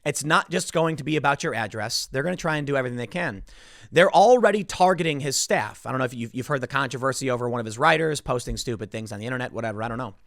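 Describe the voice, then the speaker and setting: Animated man in a dry commentary. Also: mid-range voice, fast talker, creaky, dry recording. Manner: animated, acts out quoted voices. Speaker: political commentator. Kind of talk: solo political commentary.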